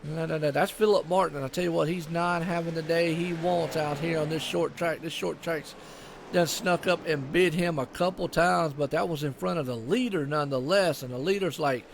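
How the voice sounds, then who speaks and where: A man's voice: on the high side, fairly even intonation, normal speed, gravelly, slight background noise. A man with a Southern US accent giving live commentary on an online sim race in a folksy, chatty way. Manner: folksy, chatty, lots of "I tell you what" and "y'all".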